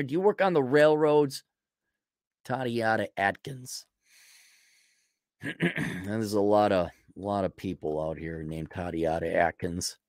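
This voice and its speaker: A man's voice: on the low side, dry recording, studio quality. A male podcast host delivering a ranting commentary, sarcastic, profane and mocking.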